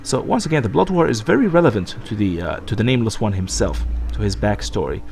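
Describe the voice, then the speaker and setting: A man's voice: mid-range voice, very animated, fast, gravelly, a little mellow, slight background noise. Sick man rambling over a game. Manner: rambling, thinking aloud with many fillers. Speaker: let's play host. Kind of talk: gameplay commentary, reading dialogue aloud.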